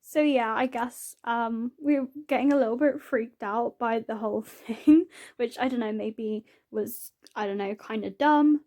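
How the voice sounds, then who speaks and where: Casting: woman, high bright voice, chatty giggly vlogger narrating over gameplay, rambles and rants. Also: a little slow. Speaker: YouTuber narrating a game build. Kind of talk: casual voice-over chat over gameplay.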